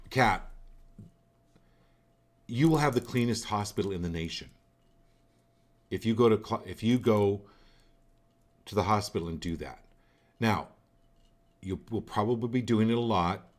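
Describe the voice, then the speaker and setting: A man's voice: on the low side, unhurried, long pauses. A man hosting a live card-reading show, speaking directly and coaching each viewer, often repeating phrases for emphasis.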